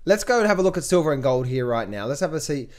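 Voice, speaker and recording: A man speaking casually to the camera as a trading coach. He talks in an energetic, motivational way, with frequent restarts and repetition. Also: medium pitch, very fast. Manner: rambling, repetitive, lots of fillers and restarts.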